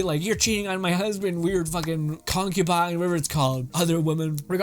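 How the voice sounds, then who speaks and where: A man hosting a casual anime reaction talk, animated and gushing, swearing often. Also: on the high side. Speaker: anime commentary host.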